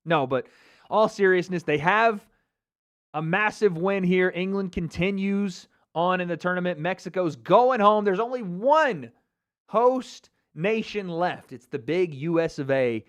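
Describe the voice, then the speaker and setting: An American man giving an excitable live reaction to a football match as a YouTube host, swearing and breaking into shouts. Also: sits high, unhurried, clear, resonant tone. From United States.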